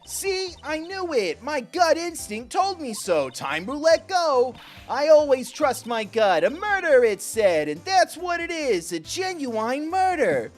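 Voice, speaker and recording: A man's voice: very high voice, big pitch swings, unhurried, hardly any pauses, faint music behind, voice pushed up, exaggerated voice. A man voicing a brash young female photojournalist with a Southern accent, reading game dialogue in a pushy, twangy way. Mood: excited.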